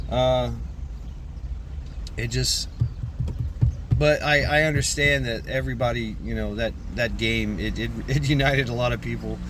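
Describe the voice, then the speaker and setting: In a loose vlog monologue, a man with a mid-range voice talks to his channel's viewers, swearing, wandering off topic, and often saying the same words twice. Background noise can be heard.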